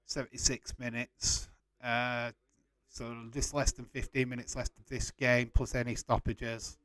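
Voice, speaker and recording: A man's voice: mid-range voice, flat delivery, measured pace, a bit bright, no echo. A man hosting a casual live watch-along, chatting loosely and laughing often. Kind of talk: casual live-stream chat.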